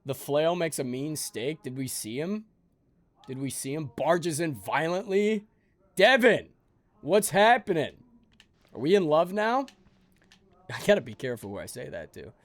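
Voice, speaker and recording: Man, live game streamer, unhurried talk, sleepy rambling banter with chat. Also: a little high, very animated, no echo.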